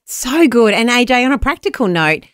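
A woman's voice: on the high side, sing-song, a little fast, no echo. Woman co-host, affirming faith chat, dry studio voice. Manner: encouraging, affirming. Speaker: radio co-host. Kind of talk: Christian radio chat.

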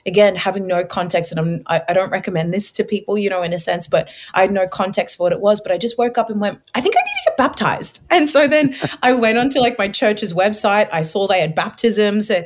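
A young woman as an interview guest, telling her faith testimony with animated storytelling and acting out her own past words. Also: mid-range voice, a little fast, hardly any pauses.

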